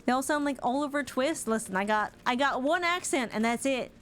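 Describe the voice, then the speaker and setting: A woman streams a game and comments in a bright, high voice. Her asides are chatty and playful, and a faint background hum sits under her voice. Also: animated, fairly quick. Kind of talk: let's play commentary.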